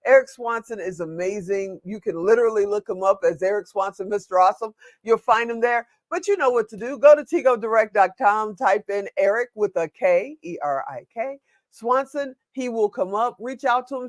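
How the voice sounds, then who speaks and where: A woman hosting a live online interview from her studio, laughing easily and thanking her guest warmly. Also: medium pitch, moderate pace, dry recording. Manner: warm, giggly, gushing thanks. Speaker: host. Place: home studio.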